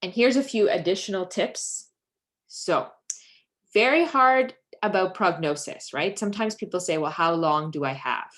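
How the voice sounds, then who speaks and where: A woman's voice: fairly low pitch, moderate pace. A woman trainer giving a live lesson on palliative care communication, patiently explaining step by step and modeling example phrases. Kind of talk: live teaching session.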